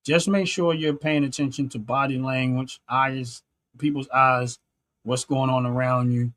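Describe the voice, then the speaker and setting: A man's voice: mid-range voice, little pitch movement, unhurried, fairly bright tone. A man hosting his own channel, delivering a solo opinion monologue in an earnest, preachy, repetitive way. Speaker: channel host.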